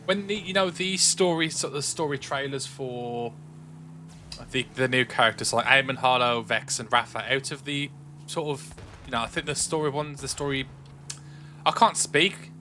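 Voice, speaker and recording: Chatty young English gaming streamer. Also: male voice, mid-range voice, steady tone, moderate pace, bright, forceful tone, slight background noise. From England, Black Country. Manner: rambling, chatty, frequent restarts and filler. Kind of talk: casual chat while streaming a game. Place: home room.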